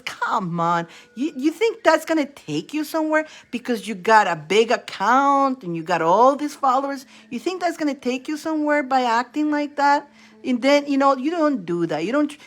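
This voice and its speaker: Animated, laughing woman tarot reader. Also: a little high. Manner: animated storytelling, laughs often, acts out quotes. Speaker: tarot reader hosting a live stream. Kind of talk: casual livestream chat to viewers.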